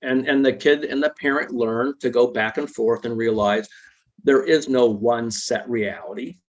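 A man's voice: medium pitch, unhurried. A man, a psychologist guest, explaining ideas patiently in an interview and often checking in with tag questions. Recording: dull lo-fi recording.

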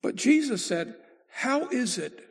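A male pastor delivers a sermon at an unhurried, deliberate pace. His voice is pitched high for a man, with a gravelly, husky grain, and he lets his volume rise for emphasis before dropping low and quiet. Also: big pitch swings. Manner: slow deliberate preaching, swells and drops in volume.

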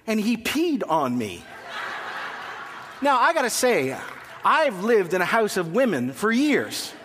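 A pastor in his thirties preaches in a church sanctuary, telling a funny story full of asides before moving into scripture. His high voice swoops wildly in pitch at a slow pace, sounding a bit bright, with a long reverb tail and a little hiss or hum.

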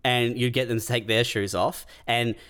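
Man, mid-pitched voice, casual comedy chat, keeps escalating the joke. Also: fairly even intonation, moderate pace, a bit bright, clean tone. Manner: builds absurd scenarios, says man and dude a lot.

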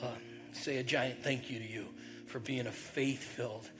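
A middle-aged man preaching a conversational sermon, telling a personal story and acting out the voices in it, with loud bursts now and then. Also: mid-range voice, steady tone, normal speed, noisy background. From northern New York. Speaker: pastor.

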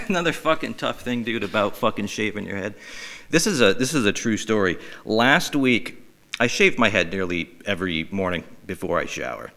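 Podcast host, a man with a bright, sharp voice, swears constantly and tells rambling stories. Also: fairly low pitch, lively intonation, normal speed, vocal fry. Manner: profane, rambling, self-mocking. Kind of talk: casual storytelling.

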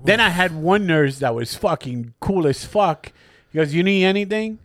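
A podcast host with a voice on the high side talks a little slowly over a dry recording. His storytelling is casual and animated, packed with swearing, and he acts out each person's quoted words.

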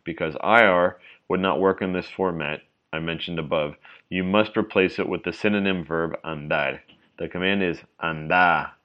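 Man, very deep voice, scripted lesson reading, measured, slows on examples, slightly muffled lo-fi sound. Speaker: reader of a language article.

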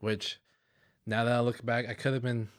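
A man's voice: mid-range voice, little pitch movement, normal speed. A young man in casual conversation, rambling with many restarts and filler words. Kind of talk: casual chat.

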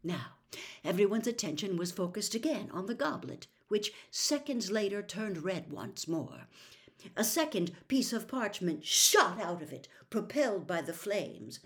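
A woman reading a novel aloud as a storyteller, narrating in a steady, expressive way. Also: mid-range voice, a little slow.

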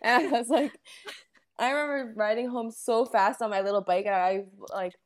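A woman's voice: fairly high pitch, normal speed. Young woman retelling a story with laughter. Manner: animated retelling, acting out quotes, laughing. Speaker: podcast co-host. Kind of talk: casual chat.

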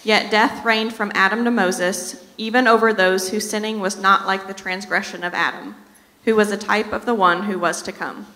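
A woman reading a scripture passage aloud during a church service, steady and measured. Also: medium pitch, in a large hall, poor audio. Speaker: scripture reader.

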